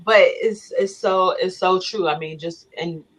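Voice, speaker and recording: A woman's voice: lowish voice, measured pace, low-quality recording. A woman co-host giving a rambling, admiring tribute with many "you know" and "like" fillers. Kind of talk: casual chat, tribute.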